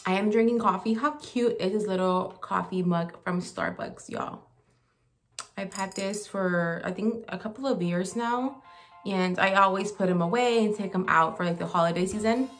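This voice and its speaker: A woman beauty vlogger chatting casually while doing her makeup at home, gushing and talkative, in a gravelly morning voice. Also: medium pitch, moderate pace, faint music behind. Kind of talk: casual makeup tutorial chat.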